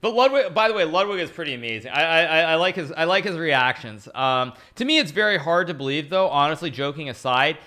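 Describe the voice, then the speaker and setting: A man with a bright voice, set a little high, chats his way through a live chess analysis. He rambles, circles back to repeat himself and thanks viewers between moves in a loose, casual stream style. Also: animated, fast, hardly any pauses. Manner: chatty, rambling, repeats phrases.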